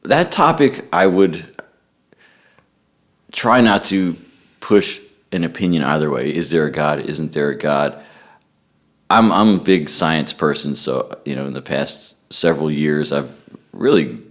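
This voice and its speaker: Very deep-voiced man, rambling casual chat. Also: unhurried. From United States. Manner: relaxed, rambling, self-interrupting with repeated words. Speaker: guest musician.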